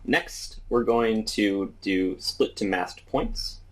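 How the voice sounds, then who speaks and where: A man teaching 3D modeling, calmly talking through each step as he works in a screen-recorded tutorial. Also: fairly low pitch, slow pace. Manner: relaxed step-by-step explaining while working. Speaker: 3D modeling instructor.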